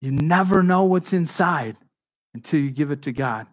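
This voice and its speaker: A man preaching a sermon in a conversational, animated way, acting out the dialogue of Bible figures. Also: fairly high pitch, moderate pace. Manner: conversational with frequent restarts and asides. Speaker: pastor.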